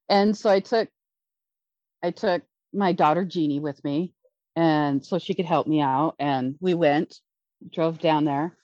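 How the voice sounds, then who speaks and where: Middle-aged woman, low-pitched, rambling and excitable, dull lo-fi sound. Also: dry recording. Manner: rambling, excitable, many restarts. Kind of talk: casual storytelling. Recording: dull lo-fi dry recording.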